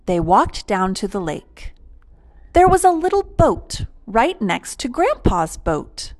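Slow-reading woman storyteller. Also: mid-range voice, sing-song.

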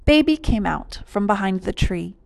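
A woman reading a children's picture book aloud in a slow, lilting storytelling way. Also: mid-range voice, animated, vocal fry.

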